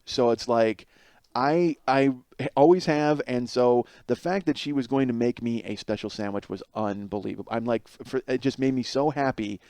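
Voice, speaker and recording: A man's voice: mid-range voice, no echo. A man hosting a podcast, telling a comic story about his home life, swearing often and acting out what was said. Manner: animated, exasperated, swearing, acts out quotes. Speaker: podcast host.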